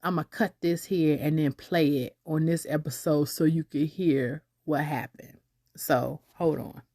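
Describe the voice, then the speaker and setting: Lady podcaster just chatting, kinda low voice, wanders off topic and backtracks. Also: steady tone, measured pace, dark tone, no room sound, clean studio sound. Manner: chatty, digressive, self-correcting. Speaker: podcast host. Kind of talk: casual podcast monologue.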